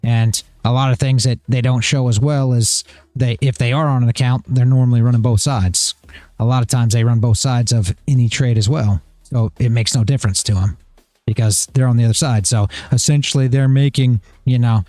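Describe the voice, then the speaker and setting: A man's voice: mid-range voice, fairly even intonation, moderate pace, warm tone, no room sound. Blunt rambling man hosting a livestream. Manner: blunt, rambling, repeats himself, swears. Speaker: trading livestream host. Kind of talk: casual livestream talk.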